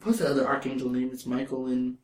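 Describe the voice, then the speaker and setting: A man's voice: medium pitch, little pitch movement, fast talker, echoey room, noisy background. A man co-hosting a podcast, telling a story in casual chat, swearing freely and acting out the quotes. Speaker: podcast co-host.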